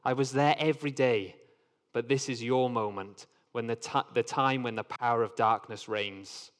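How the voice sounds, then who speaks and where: A man reading the part of Jesus in a plain, steady voice during a Bible lesson. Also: mid-range voice, normal speed, close to an everyday voice. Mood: solemn. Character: calm grown man, Jesus, steady and resigned. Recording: long hall reverb.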